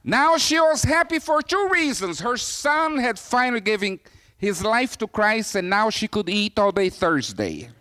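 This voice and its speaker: A man's voice: high voice, a little slow, clear, resonant tone. A man from Brazil preaching as a missionary, telling stories and acting out the voices of people in them. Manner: animated storyteller, acts out quoted voices. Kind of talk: sermon storytelling.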